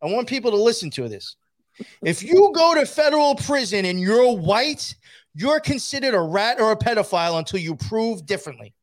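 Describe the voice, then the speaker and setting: A man's voice: high voice, sing-song, normal speed. Profane New man telling a story. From New York. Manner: profane, rambling, laughs while telling. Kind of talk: casual storytelling.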